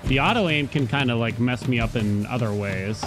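Over music, a man of medium pitch talks at a moderate pace while streaming his gameplay. He gets excited, letting out yelps and curses at the game, then turns chatty with his viewers in the lulls.

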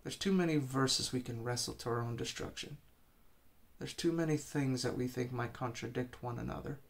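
A man's voice: medium pitch, moderate pace, gravelly. A man preaching an informal sermon, urging listeners with earnest, repeated exhortations.

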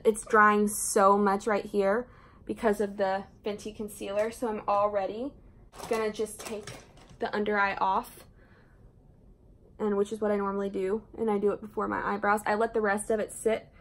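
A young beauty vlogger from Southern Indiana, with a Southern US accent, rambles and chats casually while doing her makeup at home, laughing often and drifting into asides. Her voice is mid-range and fairly bright, with little pitch movement and a moderate pace.

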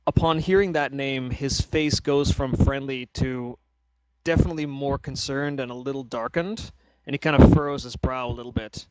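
A man narrating a tabletop role-playing game as game master, relaxed and loose, with many "uh" fillers. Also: mid-range voice, moderate pace, smooth, no echo, poor audio.

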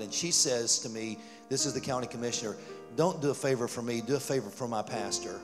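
Pastor erzählt lebhaft in hallender Kirche. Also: male voice, mid-range voice, a little fast. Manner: animated storytelling, rising to loud fervor. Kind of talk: sermon storytelling. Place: church sanctuary. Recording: church hall reverb with music.

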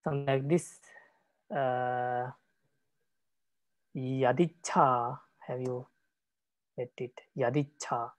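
A male monk leads a language lesson at an unhurried pace, repeating example words so students can hold on to them. His speech is halting and gentle, full of small pauses. The sound is dry and close, with no room echo. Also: mid-range voice, level tone. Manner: patient, repeats words, many hesitations. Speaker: Buddhist monk teaching Pali. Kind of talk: classroom teaching.

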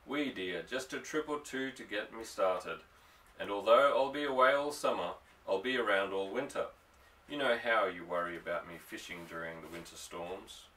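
A man's voice: fairly low pitch, moderate pace, sharp tone, far from the mic, slight background noise, low-quality recording. A male reader voicing an earnest young fisherman, coaxing and affectionate as he pleads.

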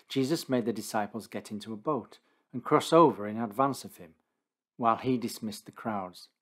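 A man narrating a condensed Bible reading in a steady, deliberate scripted style. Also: medium pitch.

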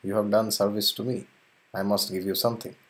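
A man voicing a calm, gracious divine prince in a scripture tale, speaking gently and soothingly. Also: fairly low pitch, a little fast, slightly rough. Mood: grateful.

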